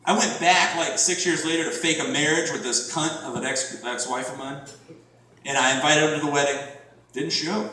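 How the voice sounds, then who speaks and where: A man's voice: on the high side, moderate pace, sharp tone, a little hiss or hum. A man in his thirties from Florida doing a crude, rambling stand-up set full of profanity. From Florida, USA. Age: 30s. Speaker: stand-up comedian. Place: comedy club stage. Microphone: distant room mic. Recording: very echoey room from far off.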